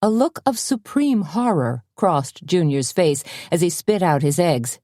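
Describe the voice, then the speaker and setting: Woman audiobook narrator, steady storyteller, mellow tone, dry close sound. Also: fairly low pitch, a little slow, dry recording. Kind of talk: scripted narration.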